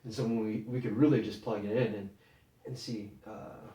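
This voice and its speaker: Low-voiced man preaching in an echoey room. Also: fairly even intonation, mellow. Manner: halting, repeats words while explaining scripture. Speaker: pastor. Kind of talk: sermon. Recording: echoey room, mic at a distance.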